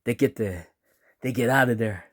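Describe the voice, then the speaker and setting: A man's voice: medium pitch, moderate pace, dry recording, clean studio sound. A man casually telling a spooky, funny story in a laid-back, chatty way, acting out the voices as he goes.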